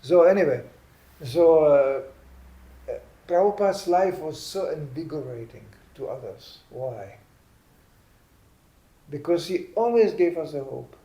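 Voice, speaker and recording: Older male preacher, humorous storyteller, mellow voice, room echo. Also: a little high, measured pace, pauses often. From Czechoslovakia. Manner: animated storyteller, acts out comic voices. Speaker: spiritual teacher. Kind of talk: humorous sermon. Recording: roomy hall echo.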